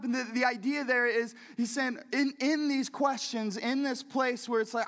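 A man's voice: very high-pitched, unhurried, few pauses, a bit bright, big-room sound. A man preaching a conversational sermon who keeps putting questions directly to his listeners. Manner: talks directly to the audience with questions.

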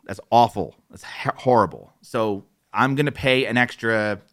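A man's voice: lowish voice, moderate pace, a bit bright. A man presenting a web tutorial in a casual, candid way, getting exasperated and acting out the people he quotes, recorded on an isolated microphone. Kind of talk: casual explainer with rants. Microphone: isolated studio microphone.

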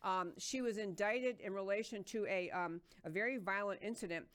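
A woman's voice: mid-range voice, moderate pace, fairly bright tone, clean tone. Emphatic woman hosting political talk. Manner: earnest, emphatic, with many fillers and restarts. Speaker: talk show host. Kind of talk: political commentary monologue.

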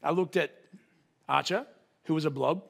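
A young man preaching a sermon. He tells a story with self-deprecating humor, in an animated way. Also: on the high side, moderate pace, vocal fry.

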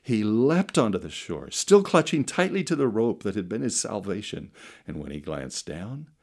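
A middle-aged man preaching a sermon through slow, dramatic storytelling that swings between loud and soft. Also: fairly low pitch, big pitch swings. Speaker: pastor.

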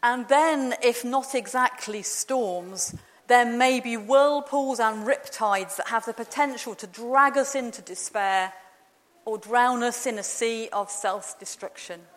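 A woman preaches in a measured, gentle, reflective way. Her voice sits a little high for a woman and carries a long hall reverb. The sound is a church sermon in a large resonant space.

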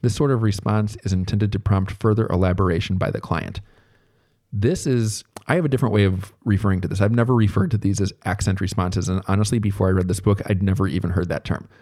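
A man giving a relaxed, conversational recorded lecture as a therapy instructor, thinking aloud as he explains. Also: on the low side, quick pace.

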